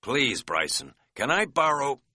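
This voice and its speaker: A man voicing a boisterous, half-drunk middle-aged hiking buddy who talks loudly, jokes and dodges questions. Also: mid-range voice, wildly swooping pitch, normal speed, dry recording, clean studio sound, voice pushed up, full character voice. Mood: evasive. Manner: loud, jokey, evasive.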